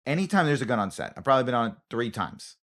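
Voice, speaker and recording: A man co-hosting a comedy podcast in casual chat, an animated storyteller who repeats phrases for emphasis. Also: mid-range voice, very fast. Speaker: podcast co-host, comedian and actor.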